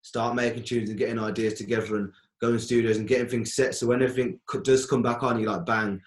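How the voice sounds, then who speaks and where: Young guy, mid voice, chatty and animated, slang everywhere, talking about life like it's mad. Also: medium pitch, fast talker. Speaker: member of a music collective. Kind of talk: casual conversation.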